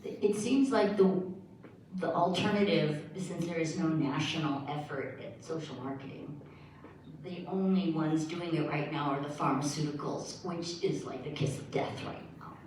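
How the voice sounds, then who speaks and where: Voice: medium pitch, normal speed, a little mellow, slight background noise. Distant questioner in an echoey hall. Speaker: audience member asking a question. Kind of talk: Q&A question from the audience.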